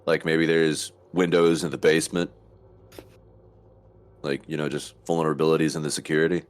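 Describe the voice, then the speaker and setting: A man's voice: extremely low pitch, level tone, moderate pace. A man musing aloud as a player in a tabletop role-playing game. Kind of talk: casual tabletop game play.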